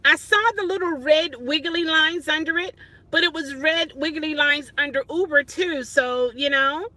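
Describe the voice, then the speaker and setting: High, bright-voiced woman chatting on a livestream. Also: moderate pace, dry recording. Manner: flustered, exclaiming and laughing at herself. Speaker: rideshare driver livestreaming. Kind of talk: casual livestream chat. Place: parked car at night. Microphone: phone.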